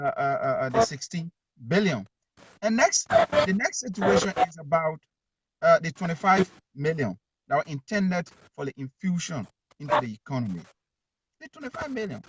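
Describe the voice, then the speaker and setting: Emphatic higher-voiced Liberian journalist. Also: male voice, expressive, moderate pace, noisy background. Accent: Liberian English. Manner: emphatic, repeats key words. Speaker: journalist calling in. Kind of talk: call-in talk show.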